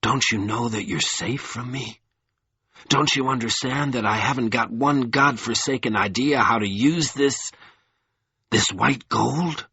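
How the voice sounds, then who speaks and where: A man's voice: mid-range voice, a little slow, pushed and bright, slightly rough, dry recording, highs cut off, exaggerated voice. A man voicing a dazed, weary man who mutters and groans, in an audiobook reading. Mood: bewildered.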